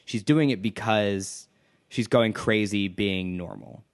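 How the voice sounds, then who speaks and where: A man co-hosting a podcast, chatting casually about an animated series, swearing freely and often restarting his thoughts. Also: fairly low pitch, slow pace. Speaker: podcast co-host. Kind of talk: casual chat.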